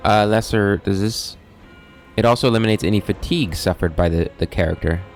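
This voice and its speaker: Deep-voiced man commenting on gameplay. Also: brisk, soft background music. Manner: thinks aloud, reads game text. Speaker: let's play host.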